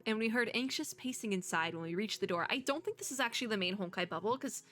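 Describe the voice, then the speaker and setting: Speaking quickly at a medium pitch, a young woman VTuber chats and giggles her way through a story game. She voices the dialogue aloud and breaks in with excited comments of her own.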